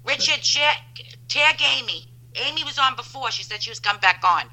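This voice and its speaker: A woman, a guest telling loud, animated stories in casual chat over a phone line. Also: fairly high pitch, normal speed.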